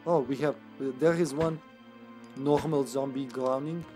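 A man giving casual let's-play commentary as a game streamer, joking around, laughing often and getting excited in bursts. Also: mid-range voice, a little slow, faint music behind.

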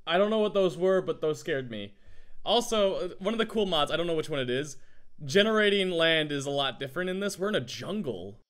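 A man with a groggy morning voice, chatting in a rambling, excitable way as he gives let's play commentary. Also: on the high side, brisk. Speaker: gaming YouTuber.

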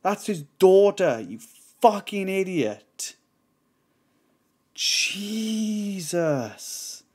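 A man's voice: high-pitched, very animated, very slow, darkish tone, slightly rough. Heated man ranting in reaction. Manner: heated, swearing, rambling with many fillers. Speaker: reaction streamer. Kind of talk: reaction commentary.

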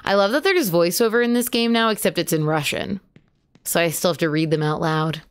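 A woman's voice: lowish voice, fairly quick, clean tone. A woman streaming a horror game live, chatting to viewers, yelping at jump scares and swearing casually. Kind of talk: live horror gameplay commentary.

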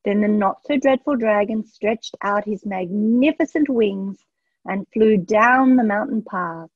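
A woman's voice: mid-range voice, measured pace, husky, no room sound. Woman reading a children's story aloud. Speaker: storybook reader. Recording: dull lo-fi dry sound.

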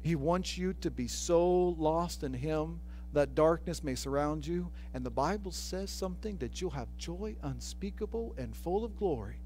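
Pastor, male, high-pitched voice, storytelling sermon that builds to emphatic preaching. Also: animated, normal speed, hardly any pauses, a little mellow, slight background noise, rough recording. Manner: repeats phrases for emphasis.

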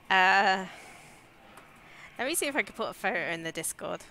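A young woman with an English Midlands accent giggles and chats through her live game stream, reacting out loud to frights. Her mid-range voice sounds pushed and bright, with slight noise in the background.

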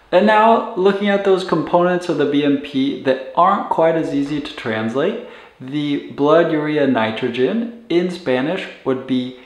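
A man teaching medical Spanish vocabulary in a recorded lesson, saying each Spanish term slowly and then repeating it. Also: fairly high pitch, roomy sound.

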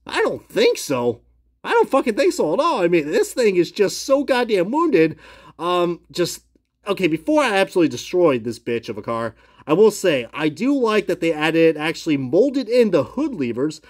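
A man's voice: big pitch swings, normal speed. Exasperated, swearing man ranting. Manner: exasperated, swearing, laughing at his own jokes; swings between shouted outrage and low muttering. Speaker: die-cast car reviewer. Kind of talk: profane comedic review rant.

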